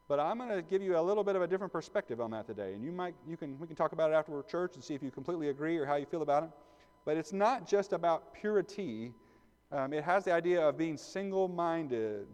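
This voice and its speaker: A man's voice: medium pitch, a little mellow. Guy pastor preaching, chatty, keeps asking the church stuff, echoey sanctuary. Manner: conversational, asks the congregation questions. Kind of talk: sermon.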